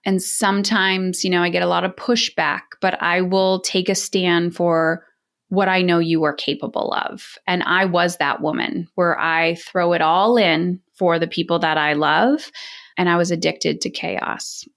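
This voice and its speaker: A woman's voice: on the low side, steady tone, measured pace, vocal fry, a bit bright. A woman parenting coach in a podcast interview, talking in a direct, emphatic coaching manner.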